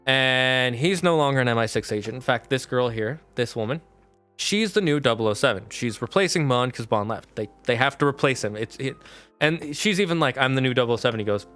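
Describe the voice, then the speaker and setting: A man talks casually to his live-stream audience. His voice is clean and resonant and sits at an ordinary pitch. He rambles through an animated plot recap full of fillers, with faint music playing underneath. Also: clean tone.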